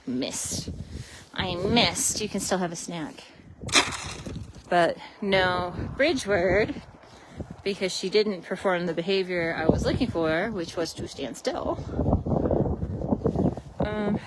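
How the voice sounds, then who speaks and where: Woman coaxing horses, loud outdoor noise. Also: lowish voice, takes it slowly, long pauses. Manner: soft coaxing baby talk to animals, mixed with explanation to viewers. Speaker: horse trainer. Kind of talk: casual vlog while training horses.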